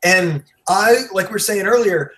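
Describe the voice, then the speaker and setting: A man hosting a casual podcast chat, wired on coffee, rushed and rambling, blunt and profane. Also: high voice, sharp tone. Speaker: podcast host.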